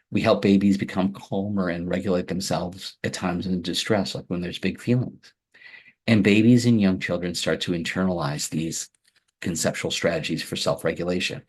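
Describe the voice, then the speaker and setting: A man giving a training lecture to caregivers in a soft, warm way, often checking in with "right?" and repeating "again". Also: sits low, husky.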